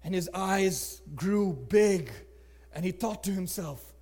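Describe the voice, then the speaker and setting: Slow, high-voiced male storyteller. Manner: expressive, swings between loud and hushed. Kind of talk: dramatic storytelling.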